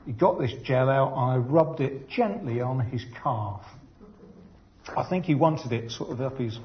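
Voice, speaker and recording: A man's voice: medium pitch, animated, measured pace, a little hiss or hum. An older man telling a chatty, self-deprecating personal story. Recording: dull lo-fi recording.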